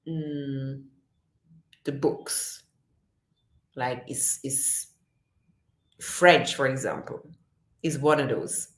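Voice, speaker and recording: Slow-talking woman livestreamer, echoey room. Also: on the low side, a bit bright. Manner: chatty, laughs often, reads viewer comments aloud. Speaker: livestream host. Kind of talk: casual livestream chat.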